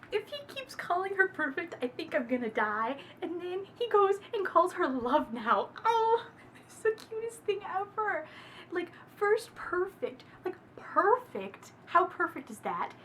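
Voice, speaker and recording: A young woman chatting casually in a book review, gushing and animated with dramatic exclamations. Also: high voice, slight background noise.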